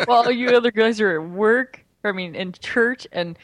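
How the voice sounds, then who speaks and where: A woman's voice: fairly high pitch, measured pace, no room sound. A woman co-hosting a casual podcast, giggly and teasing. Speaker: podcast co-host.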